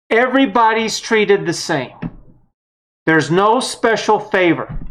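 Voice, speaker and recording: Blunt, heated woman. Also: lowish voice. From United States. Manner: blunt, heated, mild swearing. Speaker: vlogger. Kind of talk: political opinion monologue.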